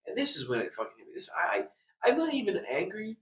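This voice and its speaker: A man's voice: high-pitched, wildly swooping pitch, fast talker, a bit bright. A young man in a hotel room telling an angry storytime rant, stammering, repeating words and swearing a lot. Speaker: vlogger. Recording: echoey room, distant mic.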